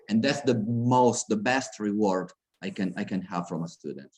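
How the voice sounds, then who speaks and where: A man's voice: on the low side, normal speed, hardly any pauses, a little mellow. A middle-aged man with an Italian accent, a university lecturer giving an earnest conference talk over a video call and often restarting his sentences.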